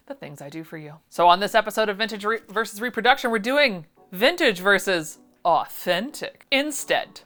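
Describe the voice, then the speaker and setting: A woman with a bright, crisp voice reviews sewing patterns in a casual vlog. She talks in a sarcastic, animated, exasperated way, and soft music plays quietly behind her. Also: mid-range voice.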